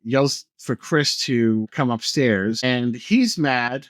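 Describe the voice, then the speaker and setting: A man talking at an ordinary pitch, recapping a horror movie for a podcast in a loose, chatty way. He swears freely and gets animated when something excites him. The sound is dry and close, with no room around him. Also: takes it slowly, dry recording. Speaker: podcast co-host. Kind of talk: casual movie recap chat.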